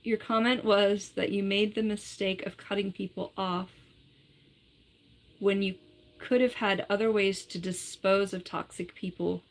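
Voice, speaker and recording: Woman, livestreamer, casual live-stream chat, giggly, lots of "like", bright tone. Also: mid-range voice, measured pace. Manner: chatty, giggly, full of "like".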